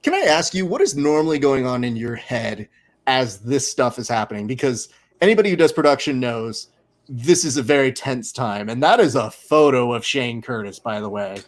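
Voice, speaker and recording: A man's voice: medium pitch, sing-song, normal speed. A man hosting a casual watch-along show, chatting and teasing his guest with frequent laughs. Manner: joking, teasing, laughs often. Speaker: show host.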